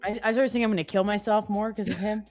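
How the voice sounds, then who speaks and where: A woman's voice: mid-range voice, steady tone, fast, darkish tone, soft background music. A young adult woman co-hosting a live trading stream, talking casually and jokily with lots of fillers. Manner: chatty, lots of "like", jokey. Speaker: trader co-host on a live stream. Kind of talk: casual chat.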